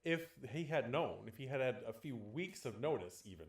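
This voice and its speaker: A man's voice: medium pitch, animated, normal speed. A man co-hosting a podcast in casual chat. He rambles, swears freely and keeps steering the topic. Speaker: podcast co-host.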